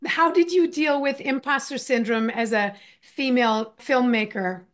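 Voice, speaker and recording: A woman interviewing a guest, asking brisk, encouraging questions. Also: fairly high pitch, fairly bright tone.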